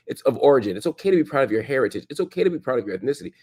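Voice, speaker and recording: A man hosts a reaction commentary on a played clip, emphatic and repeating his points for stress. His mid-range voice is very animated and racing, a little mellow, with a breathy edge.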